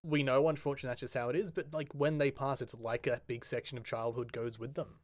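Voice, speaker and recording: A man's voice: mid-range voice, fairly even intonation, fast, no room sound, clean studio sound. A man co-hosting a podcast, teasing and joking in casual banter. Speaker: podcast co-host.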